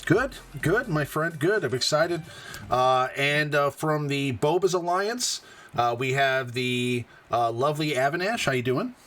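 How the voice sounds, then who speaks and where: A man's voice: fairly high pitch, animated, unhurried, a bit bright. A man hosting a casual live stream about a mobile game, laid-back and chatty, full of "uh"s and easy laughs. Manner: laid-back, many fillers and self-amused laughs. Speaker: host.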